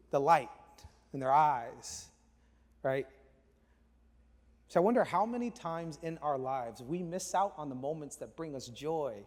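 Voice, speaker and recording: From the pulpit, a male pastor in his thirties with a high-pitched voice tells a story with lively energy, sometimes dropping to a hush. A long reverb carries his sermon, as though he's in a large church hall.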